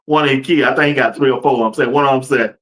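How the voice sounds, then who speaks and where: His delivery is rapid-fire, with a mid-range voice, fairly even intonation and a fairly bright tone. He's a sports talk show host on a casual commentary livestream, colloquial and loose, laughing a lot and speaking directly to viewers and chat.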